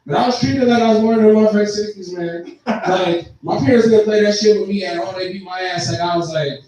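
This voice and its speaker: This is a twentysomething comedian from Texas performing a profane stand-up set before an audience, laughing at his own jokes while telling stories. His high voice is warm and fairly quick. The sound is echoey and distant, picked up by a far mic, with crowd reactions around him.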